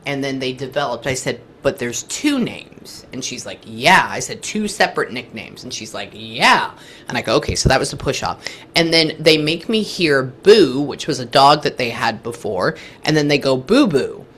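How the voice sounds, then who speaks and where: Very low-voiced woman telling a story. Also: sing-song, moderate pace, fairly bright tone, slight background noise. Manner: acts out both sides of remembered dialogue. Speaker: guest psychic medium. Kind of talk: animated storytelling in conversation.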